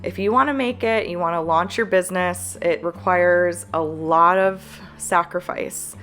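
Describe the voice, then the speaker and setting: A woman in her thirties with a small business, talking candidly to camera, earnest and halting with fillers. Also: lowish voice, a bit bright, soft background music. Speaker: planner business owner.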